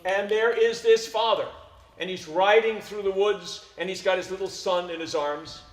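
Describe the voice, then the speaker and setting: A man's voice: high-pitched, normal speed, roomy sound. A man from the United States, a priest, chatting and telling stories on a concert stage microphone. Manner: chatty, storytelling. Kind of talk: live concert introduction. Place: concert hall.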